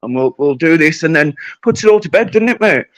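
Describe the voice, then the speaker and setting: A man's voice: a little high, lively intonation, fairly quick, fairly bright tone, dry recording, poor audio. British man, livestream rant, confrontational, sweary, dry sound.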